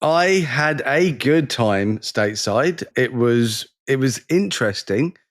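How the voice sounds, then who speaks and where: A man, co-hosting a podcast and telling a lively story in casual conversation, acting out the people in it. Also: mid-range voice, slow pace, dry recording. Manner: animated storyteller, acts out the people in his stories. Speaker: podcast co-host.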